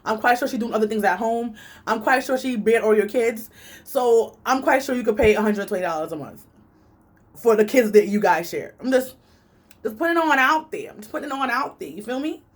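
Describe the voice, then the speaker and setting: Animated New woman vlogging. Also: brisk. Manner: animated and chatty, big swings in pitch. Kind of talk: casual storytelling vlog.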